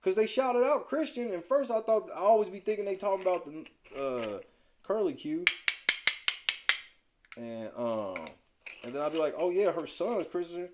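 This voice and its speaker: Against heavy background noise, an animated man co-hosts a podcast at normal speed, pausing often. His take on reality TV is blunt, profane, and slangy, swinging from low mutters to loud, emphatic rants.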